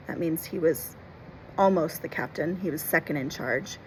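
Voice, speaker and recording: A woman reading a classic adventure novel aloud, expressively, pausing to explain words and events for children. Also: deep voice, slight background noise, poor audio. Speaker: storyteller and teacher.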